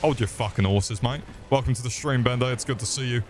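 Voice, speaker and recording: A man's voice: mid-range voice, fast, soft background music. A young man giving sweary, jokey live commentary while playing a game, yelping when things go wrong. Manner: sweary, jokey, yelps in panic. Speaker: streamer.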